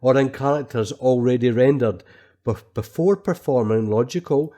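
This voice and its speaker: A podcast co-host with a mellow, medium-pitched voice talks about retro games at normal speed. He's enthusiastic and chatty, reading quotes aloud during the casual conversation.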